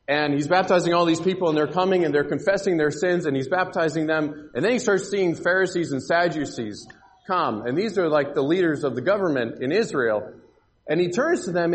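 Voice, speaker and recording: A man teaching an interactive Bible lesson to children in a church hall, upbeat and coaxing, directing the kids with questions. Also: a little high. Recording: echoey hall with long reverb.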